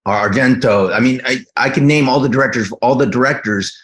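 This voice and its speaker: A man in his fifties, a guest actor in a casual interview, talking in a rambling, animated way with many restarts. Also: medium pitch, a little fast. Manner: animated storytelling, acts out quotes.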